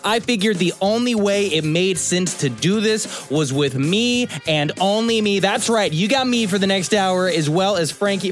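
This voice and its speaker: A man's voice: high voice, normal speed, hardly any pauses, faint music behind. A young man hosting a live radio talk show into a studio microphone, chatting in an upbeat, rambling way. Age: young adult.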